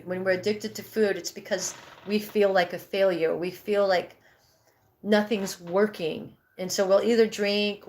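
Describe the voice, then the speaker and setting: Rambling woman in her fifties coaching breathwork. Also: mid-range voice. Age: 50s. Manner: candid, rambling, self-correcting. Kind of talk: live-streamed coaching talk.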